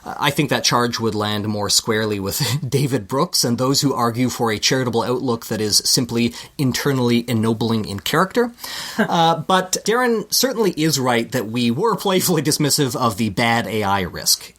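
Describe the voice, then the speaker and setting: A man's voice: medium pitch, animated, normal speed, fairly bright tone. A man with a Canadian accent, a podcast co-host reading a scripted segment with dry, self-deprecating asides.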